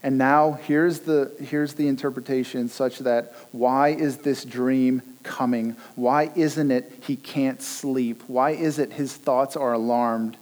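A middle-aged man preaching a sermon, telling stories with lively, animated delivery and acting out bits of dialogue. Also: medium pitch, unhurried, few pauses. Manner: animated storytelling, acts out dialogue. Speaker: pastor.

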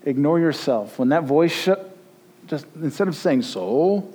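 A man's voice: mid-range voice, expressive, moderate pace, dark tone, breathy edge. Conversational male pastor preaching. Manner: conversational, rising emphatic peaks, quoting Jesus. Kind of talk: sermon leading communion.

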